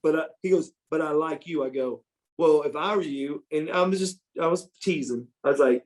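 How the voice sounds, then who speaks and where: A middle-aged man with a slightly higher voice than most men tells backstage stories in a loose, casual interview. He is animated and swears freely, slipping into other people's voices as he quotes them. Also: moderate pace, poor audio. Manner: animated, profane, acts out quoted dialogue. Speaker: interview guest, former pro wrestler. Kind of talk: casual storytelling.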